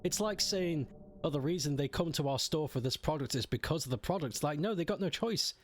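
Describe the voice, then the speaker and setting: A man's voice: on the high side, expressive, brisk, no echo. Grumbling man on a gaming stream. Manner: grumbling, easily frustrated by tech trouble. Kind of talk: casual gaming stream chat.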